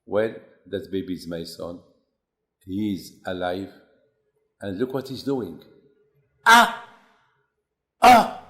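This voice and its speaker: Animated storytelling man. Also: a little slow, pauses often, roomy sound. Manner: animated storyteller, acts out quotes with rising pitch. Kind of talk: Torah class storytelling.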